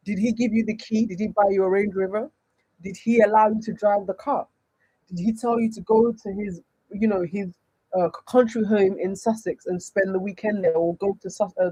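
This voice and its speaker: A woman's voice: medium pitch, dark tone, husky, dry recording, rough recording. A woman with a Nigerian accent, a dating coach answering chat questions on a livestream, emphatic and full of rhetorical questions.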